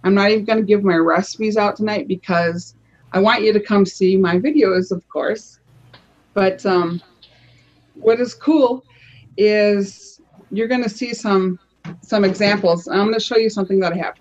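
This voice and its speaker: A woman's voice: medium pitch, moderate pace, a little mellow, dull audio. A woman on a live panel show casually showing her crafts, chatty, often restarting her phrases as she explains.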